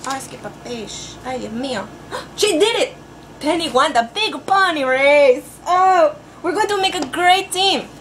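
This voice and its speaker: Brief: a woman as a high, swooping, overeager storybook teacher who mixes in Spanish words. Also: expressive, fairly bright tone, slight background noise. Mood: playful. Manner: sing-song teacher voice, drawn-out words, sprinkles Spanish phrases. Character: overeager female teacher persona, adult, playful. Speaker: pretend class teacher. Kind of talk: comic storybook read-aloud.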